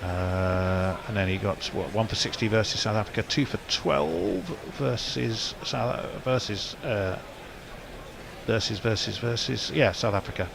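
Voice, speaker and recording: A man's voice: fairly low pitch, unhurried, creaky, noisy background. A man doing ball-by-ball cricket commentary in a wry, chatty, wordy way.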